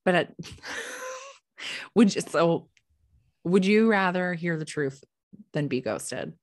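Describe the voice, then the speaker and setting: A young woman co-hosting a podcast tells a story with animation in a casual chat, swearing freely and saying "like" a lot. Her voice is lowish and a little slow. The recording is dry and studio quality.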